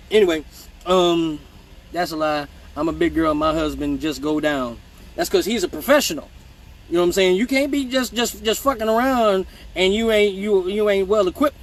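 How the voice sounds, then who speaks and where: A male exotic dancer hosts a live Q&A stream, telling a rambling, profane story and tossing joking asides to his viewers. His voice is high and a little fast, in the manner of casual livestream storytelling.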